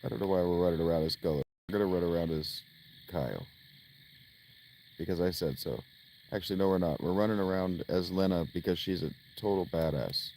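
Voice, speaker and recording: A man's voice: deep voice, brisk, darkish tone, slight background noise. An American man streaming a game, rambling and joking casually with his chat. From United States. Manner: rambling, jokey, talks to chat. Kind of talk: casual gameplay commentary.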